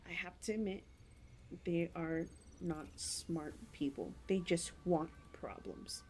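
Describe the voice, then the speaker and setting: A woman's voice: on the low side, slow, darkish tone, slight background noise. A woman co-hosting a casual podcast chat, telling stories bluntly with plenty of swearing. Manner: blunt, profane, rambling storyteller. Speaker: podcast co-host.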